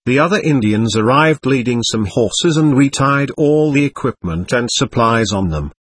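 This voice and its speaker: A man reading a first-person adventure memoir aloud in a steady storytelling manner. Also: mid-range voice, normal speed, husky, dry recording.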